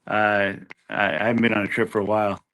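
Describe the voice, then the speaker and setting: A man's voice: fairly low pitch, flat delivery, fast, a bit bright. A laid-back man co-hosting a casual podcast, answering hesitantly and getting easily sidetracked. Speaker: podcast co-host.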